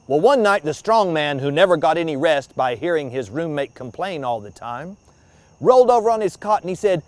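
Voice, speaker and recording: Guy telling spooky stories, bit high voice, dramatic. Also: expressive, moderate pace, dry recording. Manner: dramatic, hushed in places. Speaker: storyteller. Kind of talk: ghost story telling. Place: outdoor graveyard.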